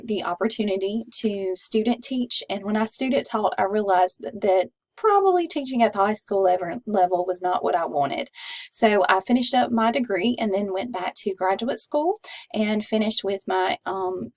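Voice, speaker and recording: Woman in her 30s, college English instructor, chatty class intro with lots of ums. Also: medium pitch. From Mississippi, US.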